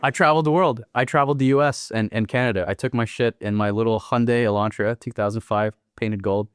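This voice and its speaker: A man's voice: mid-range voice, steady tone, fast talker, smooth, no echo, studio quality. A man in his thirties from Northern California, a podcast guest telling his story in a laid-back, profane way and acting out the people he quotes. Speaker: podcast guest, military veteran. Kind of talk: casual storytelling interview.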